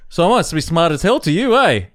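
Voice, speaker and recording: A man co-hosting a relaxed podcast, telling stories in a casual chat and laughing often. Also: on the high side, fairly quick, dry recording, clean studio sound. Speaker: podcast co-host.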